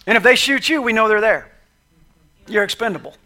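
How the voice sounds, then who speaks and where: A male pastor preaching with a high, bright and forceful voice. He is animated and conversational, and he leads the congregation in call-and-response. His delivery is lively and at times loud. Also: fairly quick. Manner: animated, conversational, acts out quotes. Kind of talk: sermon.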